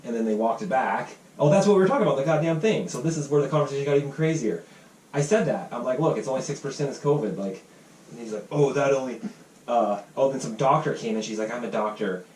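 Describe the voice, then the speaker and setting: A man hosting a casual podcast, telling a heated story fast, quoting others and swearing freely. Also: mid-range voice, lively intonation, a little mellow, slight background noise. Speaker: podcast host. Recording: roomy, distant mic with faint ambience.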